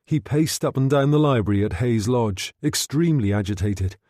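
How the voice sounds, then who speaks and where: A man narrating a thriller audiobook in an expressive reading style. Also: mid-range voice, normal speed, no room sound, studio quality. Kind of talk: scripted narration.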